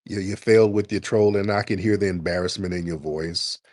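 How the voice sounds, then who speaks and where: A man hosting a call-in show, taunting a caller with mocking, drawn-out repeated questions. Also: low voice, darkish tone, no room sound, studio quality. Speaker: host of a call-in talk show. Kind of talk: confrontational call-in radio talk.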